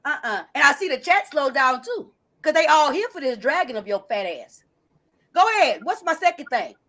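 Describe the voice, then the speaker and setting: A woman's voice: high voice, big pitch swings, normal speed, sharp tone. A woman hosting a live stream, brashly and profanely calling out a viewer while reading the chat. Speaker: livestream host.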